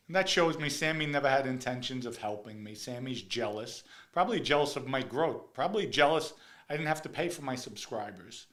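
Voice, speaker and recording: Male livestream host, bright, forceful voice, emphatic and repetitive, casual. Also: medium pitch, expressive, a little fast. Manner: emphatic, repeats himself for stress. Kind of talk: casual live chat.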